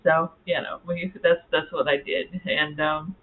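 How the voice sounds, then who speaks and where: A woman's voice: low voice, fairly even intonation, measured pace. A woman telling a personal story in a casual, rambling vlog, full of fillers and restarts. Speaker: vlogger. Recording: tinny, phone-like audio.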